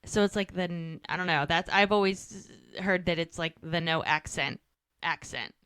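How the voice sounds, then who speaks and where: In clean studio sound with no room echo, a woman from the United States recaps an episode with her podcast co-host. Her fairly low voice is smooth and moderately paced, and she's chatty and rambling, slipping into animated character voices as she quotes them.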